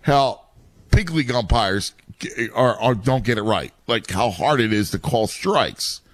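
Baseball dad rambling about strategy, normal pitch, dry close sound. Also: male voice, animated, unhurried, no room sound. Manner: rambling, restarts, explains game strategy. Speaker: youth baseball coach and dad. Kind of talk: casual chat.

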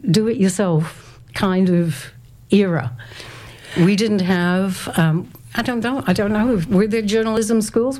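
A woman's voice: medium pitch, dark tone. A woman in her sixties, a guest in an interview, reminiscing in a thoughtful, hesitant way and laughing easily. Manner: thoughtful and hesitant, reads quotes aloud, laughs often. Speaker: interview guest, former community radio volunteer.

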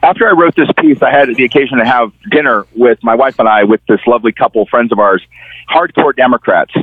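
A middle-aged newspaper columnist, appearing as a guest, talks fast in a husky mid-range voice. He tells stories animatedly and acts out the people he quotes during conversational political commentary. There's no echo, but the phone line sounds tinny.

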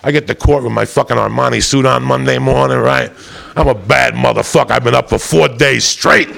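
A man doing stand-up, telling a wild story in a rowdy, profane, boisterous way with a gravelly voice. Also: medium pitch, fairly even intonation, brisk, a bit bright. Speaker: stand-up comedian.

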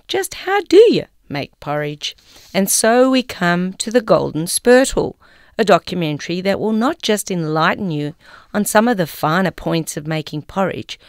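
An older woman from Australia reading a film review aloud in a wry, expressive way. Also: medium pitch, no echo, studio quality. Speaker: co-presenter reading an article.

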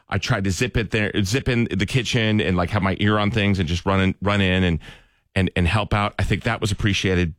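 A man's voice: low-pitched, dry recording, clean studio sound. A man in his thirties hosting a radio chat show, telling a heartfelt family story with self-mocking jokes.

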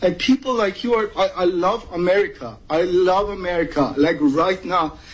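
A man's voice: moderate pace, husky, rough recording. A man from Iran giving an urgent, emotional public comment, close to tears. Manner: urgent, emotional, rising to high pitch. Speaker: public speaker at a meeting.

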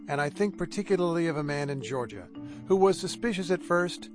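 A male radio host making a heartfelt, conversational fundraising appeal. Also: fairly high pitch. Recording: music bed under voice.

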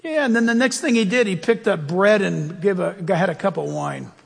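A male pastor preaching a sermon with animated delivery, moving between loud raised bursts and low quiet asides. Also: moderate pace, gravelly, slightly rough. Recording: long hall reverb.

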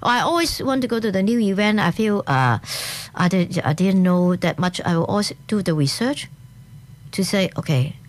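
A woman with a Hong Kong accent talks as a guest in a relaxed interview. Her English comes in short, lively bursts, full of restarts and sudden rises in her voice. Her pitch sits in an ordinary middle range. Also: moderate pace. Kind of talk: casual interview chat.

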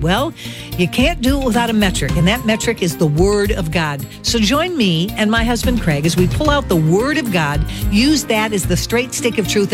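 A woman radio host giving an earnest, persuasive promo for her show. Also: mid-range voice. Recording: music bed behind voice.

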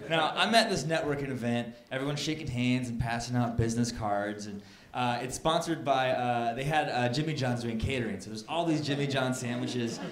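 A man doing stand-up comedy, telling a story and shouting his punchlines. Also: mid-range voice, normal speed. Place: comedy club with live audience. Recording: echoey club, crowd laughing.

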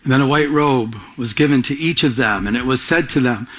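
Male preacher, mid-pitched, teaching in an earnest conversational sermon. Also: a little fast, fairly bright tone, breathy edge. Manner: conversational, earnest, many restarts.

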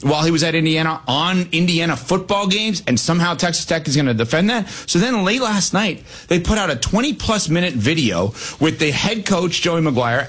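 A man hosting a sports talk show, telling the story in a quick, animated way. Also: on the high side.

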